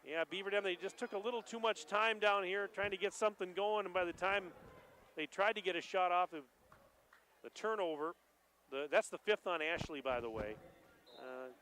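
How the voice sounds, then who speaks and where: A man doing live play-by-play for a high school basketball game, excited and rising to shouts at the big plays. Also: moderate pace, a little hiss or hum, rough recording. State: out of breath. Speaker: play-by-play announcer.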